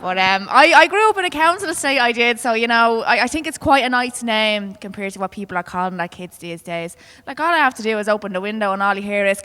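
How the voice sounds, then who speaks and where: A woman's voice: mid-range voice, animated, quick pace, hardly any pauses, sharp tone, long reverb tail. A woman with a Dublin accent doing a chatty stand-up set, full of fillers and broad local slang. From Ireland. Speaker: stand-up comedian.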